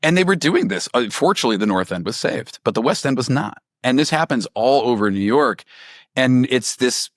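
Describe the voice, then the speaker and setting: A man being interviewed, telling stories in a lively, conversational way and acting out the people he quotes. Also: medium pitch, brisk, no room sound, studio quality. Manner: animated storytelling, acts out quoted people. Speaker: author and reporter, guest.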